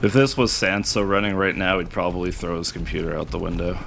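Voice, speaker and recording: A man's voice: sits low, steady tone, fast talker, vocal fry, fairly bright tone, a little hiss or hum. A man commentating his own live speedrun, self-deprecating and laughing often.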